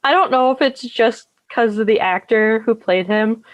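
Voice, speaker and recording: A young woman co-hosting a podcast, chatting casually and filling pauses with ums and likes. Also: on the high side, no room sound, muffled recording. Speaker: podcast co-host. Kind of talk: casual chat.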